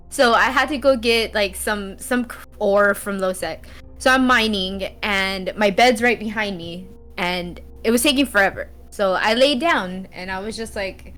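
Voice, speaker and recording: A woman guest on a podcast, telling a story in a lively, casual way. She laughs often and slips into quick impressions of what people said to her. Her voice sits at an ordinary middle pitch. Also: soft background music. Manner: animated storyteller, laughs often, acts out quotes. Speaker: podcast guest, game streamer.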